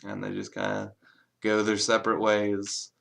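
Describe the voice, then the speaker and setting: A man giving a casual, rambling spoken film review, swearing freely and filling pauses with lots of hedging words. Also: fairly low pitch, completely flat delivery, creaky, fairly bright tone.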